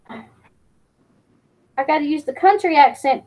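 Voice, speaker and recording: A woman's voice: mid-range voice, moderate pace, long pauses, a little mellow, low-quality recording. A woman live streamer chatting casually, teasing and reading her chat aloud, with plenty of ums and restarts. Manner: fillers and restarts.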